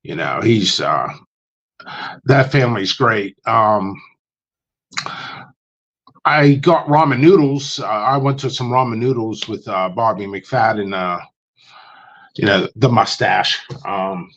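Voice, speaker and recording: A man's voice: on the low side, takes it slowly, pauses often, a bit bright, highs cut off. A man telling stories in a casual livestream chat, rambling with lots of ums and restarts and putting on voices when he quotes people. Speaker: guest on a livestream chat show.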